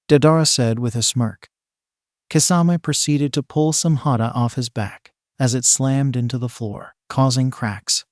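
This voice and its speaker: Man narrating fan fiction, even reading, middle pitch, dry close mic. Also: normal speed, dry recording.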